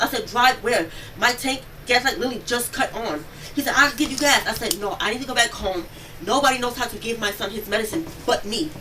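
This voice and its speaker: A woman tells police what happened in a rapid, breathless rush, her words tumbling out at high speed. She is heard from a distance through a bodycam, with steady noise underneath. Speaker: witness. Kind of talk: recounting events to police. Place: home, near the kitchen.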